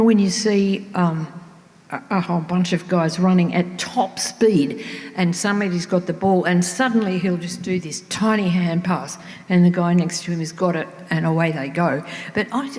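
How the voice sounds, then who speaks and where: An older Australian woman, an author, chatting on stage and telling anecdotes that trail into soft asides. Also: mid-range voice, moderate pace. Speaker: author guest. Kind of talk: casual on-stage conversation. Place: large town hall ballroom. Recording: long reverb of a large hall.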